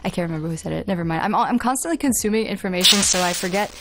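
A woman's voice: medium pitch, animated, racing, fairly bright tone. A woman co-hosting a casual talk show, chatty and upbeat, laughing often. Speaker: podcast co-host. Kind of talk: casual chat.

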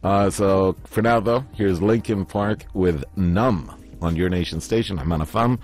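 A man's voice: low-pitched, unhurried. A man hosting a radio show in casual banter, reading listener messages aloud and joking around. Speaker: radio host.

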